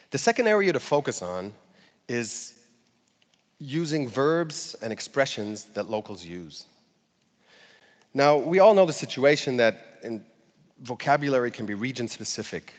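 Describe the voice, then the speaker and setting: A man's voice: medium pitch, in a large hall. A man giving a conversational talk to an audience, with fillers and light laughter. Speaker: speaker giving a talk on language learning.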